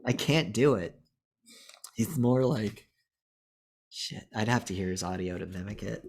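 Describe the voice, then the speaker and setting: A man co-hosting a casual film review podcast, retelling scenes excitedly and swearing freely. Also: on the low side, unhurried, gravelly. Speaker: podcast co-host.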